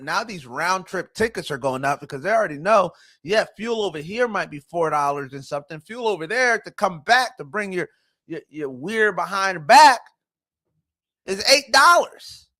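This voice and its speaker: A man hosting a casual commentary show, talking in an animated way, with rhetorical questions and mocking voices. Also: sits high. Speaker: show host.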